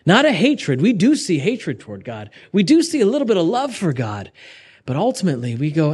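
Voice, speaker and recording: A young adult man preaching a sermon, conversational and animated, swinging between raised urgency and hushed asides. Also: high-pitched, a little fast, breathy edge. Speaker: pastor.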